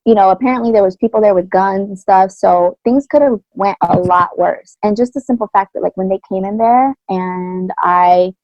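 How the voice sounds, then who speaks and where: A woman's voice: mid-range voice, moderate pace, hardly any pauses, no room sound. A woman co-hosting a podcast, candidly and earnestly retelling a personal experience in casual chat, with blunt slang. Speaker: podcast co-host. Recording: dry, slightly dull lo-fi sound.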